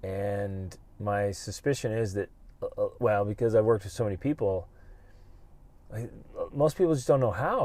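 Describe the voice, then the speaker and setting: A middle-aged man hosting a podcast, giving an animated, emphatic motivational talk and acting out his own inner voice. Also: fairly low pitch, moderate pace. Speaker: podcast host.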